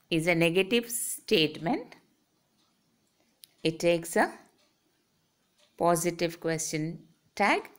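Slow, deliberate woman teaching grammar. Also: on the low side. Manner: explains step by step, drawing out example sentences. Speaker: English grammar lecturer.

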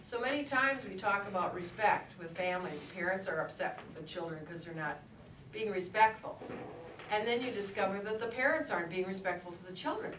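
A woman's voice: medium pitch, animated, brisk, fairly bright tone, a little hiss or hum. A woman giving a conversational lecture to adults, telling stories as she goes. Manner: storytelling, conversational. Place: lecture room. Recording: echoey room from a distance, faint ambience.

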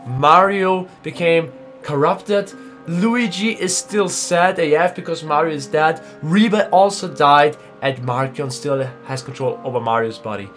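A man's voice: a little high, unhurried, a bit bright, soft background music. A man hosting a let's play, commenting emotionally and talking straight to his viewers. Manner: emotional, addresses viewers directly. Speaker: gaming channel host.

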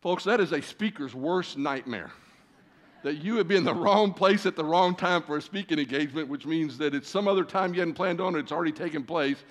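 A man's voice: on the high side, brisk. A man in his sixties preaching a sermon from a church stage, folksy and self-deprecating, with many "uh" fillers. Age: 60s. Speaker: guest preacher. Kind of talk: sermon with storytelling. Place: church stage before a large congregation.

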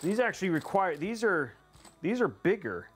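A man's voice: high voice, sing-song, normal speed, slightly rough, soft background music. A man live-streaming a PC build, talking to his chat in a playful, rambling way and teasing them.

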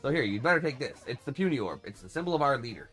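A man's voice: medium pitch, big pitch swings, very fast, fairly bright tone, faint music behind. A man reading the lines of a grumpy, bossy old female creature elder in a video game, scolding and crotchety.

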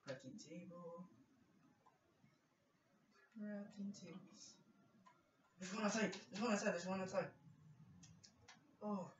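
A man's voice: sits high, steady tone, slow pace, long pauses. A man giving gameplay commentary, talking to himself in jumpy, nervous bursts, often repeating phrases and calling out to viewers. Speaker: gameplay video creator. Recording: distant, roomy, dull lo-fi mic with faint hiss.

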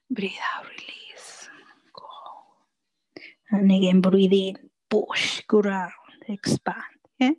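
Woman yoga instructor, unhurried, higher voice, soft breathy exhales, dry close sound. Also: no room sound, low-quality recording. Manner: gentle, soothing cues with frequent "yeah?" checks; breathy sighs and soft whispered cues on exhales. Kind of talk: guided chair yoga class.

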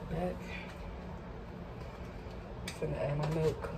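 A home cook vlogging in a kitchen, talking loud and profane straight to the viewers in a casual chat. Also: medium pitch, steady tone, extremely slow, creaky. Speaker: cooking vlogger. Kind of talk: casual cooking vlog chat. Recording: heavy background noise.

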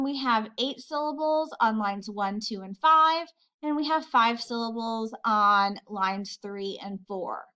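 A woman teacher explaining a poetry lesson slowly and patiently, step by step, to students. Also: a little high, a bit bright, poor audio.

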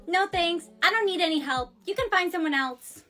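Young woman lead, high voice, dramatic storytime delivery. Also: faint music behind. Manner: animated, quick dramatic reactions. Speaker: storyteller playing the lead girl. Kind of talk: scripted storytime acting.

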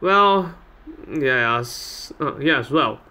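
A man's voice: medium pitch, animated, drawn-out words, pushed and bright, exaggerated voice. Brief: a man playing a sorry young repo man, polite and stiff, lots of "madam". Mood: apologetic. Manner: stiff, apologetic, formal. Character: young man, reluctant debt collector.

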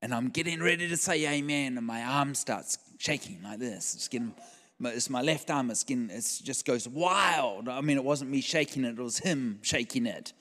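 A male guest preacher tells a lively story from the pulpit, slipping into the voices of the people in it. His voice sits at an ordinary middle pitch. It rings out with a long reverb through a large church hall. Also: normal speed. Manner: animated storyteller acting out dialogue. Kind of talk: storytelling sermon.

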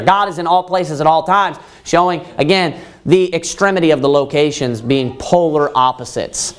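Emphatic man preaching a sermon. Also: on the high side. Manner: emphatic, asks the audience rhetorical questions and answers them; quotes scripture in old-fashioned wording, with long pauses.

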